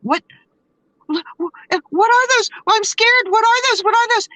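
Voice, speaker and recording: A woman voicing her frightened young woman friend, shrill and repeating herself in alarm. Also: moderate pace, fairly bright tone, no room sound, lightly acted, rough recording.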